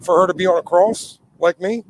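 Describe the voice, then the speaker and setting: A man's voice: high voice, brisk, noisy background. A man co-hosting a casual livestream, blunt and profane, protective of his friends. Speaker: livestream co-host.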